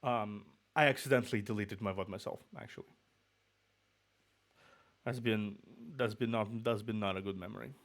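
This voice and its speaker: This man speaks with a fairly low pitch and fairly even intonation at a moderate pace, pausing often. He has a slight Russian accent and sounds a little sick as he chats loosely before a book reading, rambling, restarting his sentences and muttering asides while he sets up a stream to read a book.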